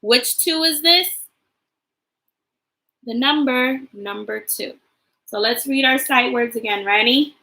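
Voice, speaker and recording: A woman teacher talks to young children over a livestream from home. She is slow and encouraging, spelling words letter by letter for them to repeat. Her voice is bright, fairly high and a little gravelly. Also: poor audio. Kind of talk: livestreamed kindergarten lesson.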